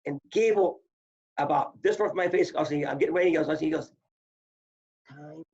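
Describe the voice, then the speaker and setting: A man, a former wrestler and coach, telling stories in casual chat, animated and acting out the people he quotes. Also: on the high side, rapid-fire, gravelly, slightly rough. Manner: animated, acts out quoted voices, repeats words. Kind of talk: casual storytelling. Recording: muffled lo-fi audio.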